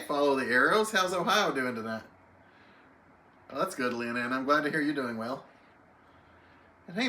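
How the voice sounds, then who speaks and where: A man's voice: a little high, bright, forceful tone. A man hosting a casual livestream, greeting viewers one by one by name and chatting easily while reading the chat. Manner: friendly, reads chat names aloud, chatty. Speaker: livestream host. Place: home, alone on a live stream.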